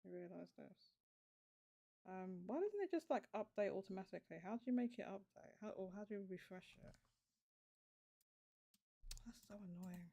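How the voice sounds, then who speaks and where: A woman with a gravelly, creaky edge to her mid-pitched voice talks loosely on a home stream. She thinks aloud, trailing off and restarting as she works something out at her desk. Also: animated, moderate pace, pauses often, dark tone. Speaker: show host. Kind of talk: casual livestream chat.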